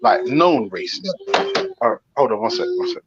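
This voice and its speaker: A man in a heated online panel, explaining in halting bursts with exasperation. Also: on the high side, huge pitch swings, lo-fi sound, very noisy. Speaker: debate panelist. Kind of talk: heated casual argument.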